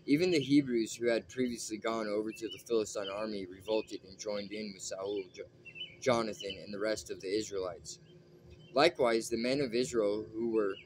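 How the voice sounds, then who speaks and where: A man reading scripture aloud at a steady pace, with a few small slips. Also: fairly low pitch, background noise. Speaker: Bible reader.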